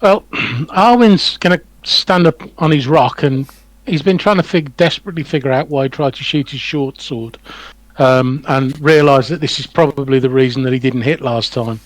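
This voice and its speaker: A man's voice: medium pitch, moderate pace, no echo, poor audio. A man playing a tabletop game, describing his character's actions in a wry, rambling way. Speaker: player.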